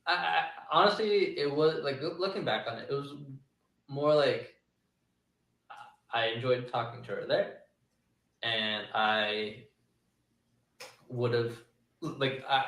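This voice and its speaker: A man's voice: mid-range voice, slow, long pauses, fairly bright tone, echoey room, far from the mic, low-quality recording. A man being interviewed as a guest, answering hesitantly with restarts. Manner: hesitant, full of restarts and fillers.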